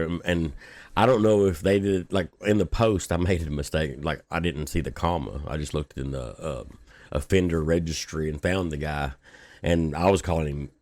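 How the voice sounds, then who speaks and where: A man's voice: low voice, darkish tone, dry recording. A man, hosting a local news podcast and telling a story in a casual, profane, laid-back way, laughing often.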